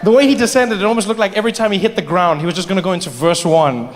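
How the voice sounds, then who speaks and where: A South African comedian speaks very fast in a high-sitting male voice, telling animated stories and doing voices through his stand-up set. He's on a stage in a large hall, with reverberant sound, faint ambience, and slight background noise.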